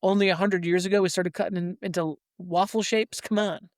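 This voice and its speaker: A man's voice: high-pitched, steady tone, fairly quick, no echo, clean studio sound. A man hosting a casual podcast, chatty and joking as he leads each segment. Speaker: podcast co-host. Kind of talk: casual chat.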